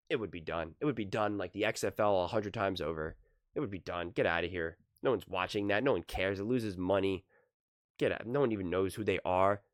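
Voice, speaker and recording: A man hosting his own sports commentary vlog, ranting with animated energy and acting out the fans he quotes. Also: medium pitch, dry recording, studio quality. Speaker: sports commentary channel host.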